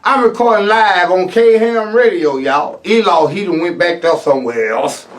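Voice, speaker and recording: A man's voice: high-pitched, moderate pace, distant mic. A man hosting his own talk radio show, ranting loosely with asides to his listeners, recorded on a live stream. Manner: loose, animated rant with asides to the audience. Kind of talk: opinionated talk-radio commentary. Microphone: filmed by a relative for a live stream.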